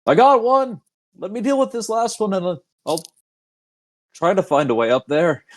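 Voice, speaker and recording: A man voicing a cocky young male rogue who shouts high and loud to his allies in a tabletop game. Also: very animated, normal speed. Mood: triumphant shout. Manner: shouted, raised high above his own voice.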